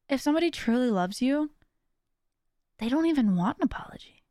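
A woman's voice: high-pitched, animated, a little fast, warm tone, no room sound, clean studio sound. A woman hosting a podcast, talking earnestly in a casual, rambling monologue with many restarts. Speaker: podcast host.

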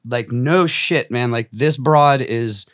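A man's voice: medium pitch, slow, a bit bright, no room sound, clean studio sound. Profane laughing man telling a story. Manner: profane, rambling, laughs through his story. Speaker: tattoo artist and band member, podcast guest. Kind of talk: casual storytelling chat.

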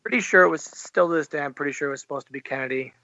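A man's voice: on the high side, very fast, vocal fry, bright, forceful tone, no room sound, dull audio. A man as a podcast guest, telling a story animatedly and acting out the dialogue. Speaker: interview guest. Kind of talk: podcast interview.

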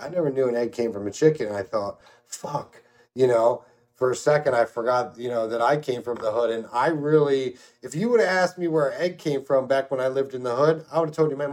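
A man's voice: medium pitch, darkish tone. A middle-aged man co-hosting a podcast, telling stories in a casual, profane, rambling way and often asking "you know what I mean". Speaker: podcast co-host. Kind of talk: casual opinionated chat and storytelling.

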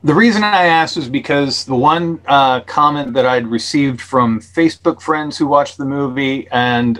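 A man's voice: medium pitch, fairly bright tone, low-quality recording. A man guest on a podcast explaining his film at length, with many fillers and restarts. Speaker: actor and filmmaker guest. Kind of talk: casual interview chat.

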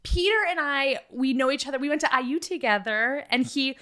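A woman with a fairly high voice co-hosts a podcast, chatting casually. She giggles often and rambles playfully through her stories. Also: animated, brisk, pushed and bright. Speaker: podcast co-host. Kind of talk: casual chat.

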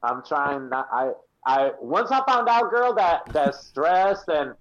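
A man with a rather high voice chats casually as a guest. He tells his stories with lively energy and puts on quick voices for the people in them. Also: dull audio. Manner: animated storyteller who acts out the people in his stories. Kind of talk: casual chat.

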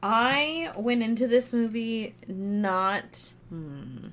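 A woman's voice: on the high side, expressive, very slow, fairly bright tone. Young female podcast co-host, candid and emphatic, casual film talk. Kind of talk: casual film review chat.

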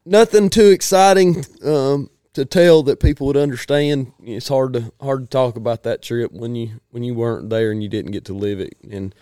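A man, hosting a casual chat in a rambling, folksy way and clearing his throat often. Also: mid-range voice, fairly even intonation, moderate pace, hardly any pauses, warm tone, no echo, studio quality.

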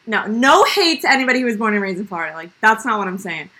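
A woman's voice: medium pitch, very animated, fast, sharp tone. A woman, hosting a podcast and chatting with emphatic, opinionated remarks. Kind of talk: casual chat.

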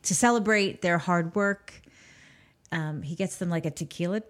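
A woman's voice: on the low side, moderate pace. Chatty woman retelling a movie. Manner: chatty, retells scenes with quoted lines. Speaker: podcast co-host. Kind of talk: casual movie recap chat.

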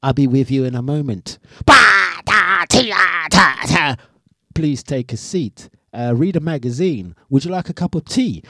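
A man's voice: mid-range voice, lively intonation, moderate pace, few pauses, mellow, dry recording, clean studio sound, close to an everyday voice. A man mimicking an irate male nail-salon worker who spits garbled, cussing syllables and then turns stiffly polite. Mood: ranting.

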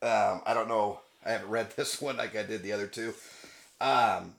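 A man's voice: on the low side, moderate pace, vocal fry, fairly bright tone. A man co-hosting a casual podcast, reading out news stories and laughing often as he acts out the people in them. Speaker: podcast co-host. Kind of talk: casual chat, reading headlines.

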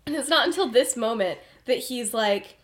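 A young woman recapping her own fan story to friends in a loose, chatty way. Her voice sits fairly high, and she scatters "like" through every sentence. She breaks into laughter often as she talks. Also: animated, moderate pace, a bit bright. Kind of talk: casual chat.

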